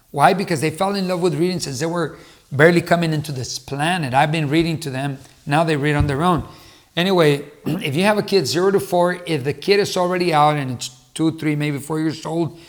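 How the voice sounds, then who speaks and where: A man's voice: on the high side, normal speed. A middle-aged man, a former teacher, giving earnest advice to camera in a casual talk, with restarts and repeated words. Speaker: motivational speaker and former teacher.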